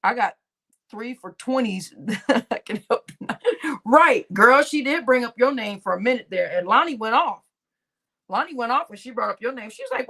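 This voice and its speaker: A woman's voice: on the high side, expressive, moderate pace, long pauses, pushed and bright. A woman hosting a livestream, chatting casually with viewers and a co-host, laughing often and calling the audience y'all.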